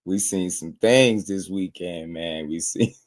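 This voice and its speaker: A man's voice: low voice, slow pace. Laughing New Jersey man hosting a livestream. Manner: laughs often, relaxed slangy banter. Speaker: boxing livestream host. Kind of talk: casual livestream chat.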